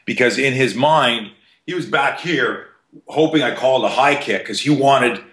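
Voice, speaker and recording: A man's voice: mid-range voice, moderate pace, fairly bright tone. A man in his fifties, a self-defense coach guesting on a podcast, telling stories in a rambling, profane way full of fillers. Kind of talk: casual storytelling interview.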